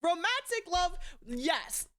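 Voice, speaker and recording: A young woman streaming live, chatting casually and bluntly, swearing a lot and swinging between loud outbursts and quieter asides. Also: extremely high pitch, very animated, slow. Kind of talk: casual livestream chat.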